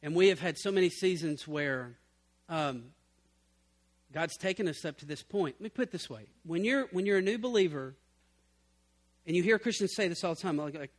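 A man preaching a sermon as pastor, swinging from loud emphatic bursts to low, quiet passages. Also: expressive, normal speed, long pauses.

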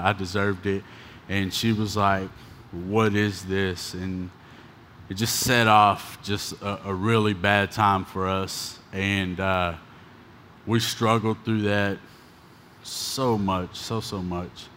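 A man with a fairly low voice tells his life story to a live crowd, casual and self-mocking, with lots of "uh" and "like." He rambles easily from one thought to the next. There is faint room ambience behind him. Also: a bit bright, a little hiss or hum. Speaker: speaker giving a personal testimony. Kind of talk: storytelling testimony to an audience.

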